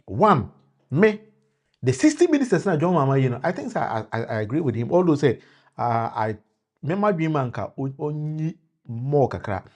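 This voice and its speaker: A very animated man with a slightly high voice and a Ghanaian accent talks at normal speed. He gives political commentary to his live-stream audience, code-switching between Twi and English, restarting phrases, and calling on viewers by name.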